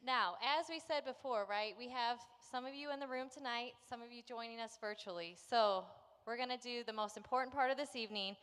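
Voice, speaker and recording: Upbeat woman co-host, bright higher voice, hall echo. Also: fairly quick, few pauses, clear, resonant tone. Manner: upbeat, teasing. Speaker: event co-host. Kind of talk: live fundraising emcee. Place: large event hall. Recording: reverberant hall from a distance.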